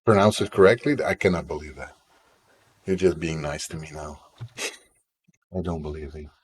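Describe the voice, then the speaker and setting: A man's voice: rumbling low, normal speed, slightly rough. A man developing a game live on stream, chatting in a rambling, playful way with his viewers. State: tickle in the throat. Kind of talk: casual live-stream chat.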